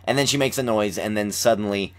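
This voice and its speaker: A man's voice: lowish voice, quick pace. A young man hosting a casual podcast chat, rambling through an episode recap with lots of "like.". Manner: rambling, says "like" often, animated retelling. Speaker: podcast host.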